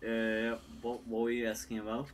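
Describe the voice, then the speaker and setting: A man's voice: mid-range voice, completely flat delivery, moderate pace, slight background noise. A man playing a tabletop game, chatting offhand and joking. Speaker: player. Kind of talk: casual tabletop game chat.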